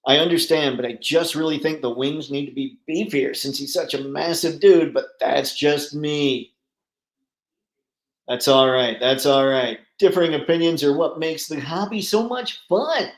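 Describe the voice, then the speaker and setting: A man's voice: fairly high pitch, a little slow, reverberant, rough recording. A man hosting a casual live stream, chatting and reading out viewer comments with rambling, easygoing talk and easy laughs. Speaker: livestream host.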